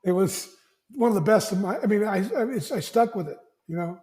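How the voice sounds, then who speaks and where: High-voiced mellow man telling stories. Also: fairly quick. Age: older. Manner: animated storyteller who acts out family dialogue, frequent restarts. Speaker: executive coach, podcast guest. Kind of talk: conversational interview storytelling.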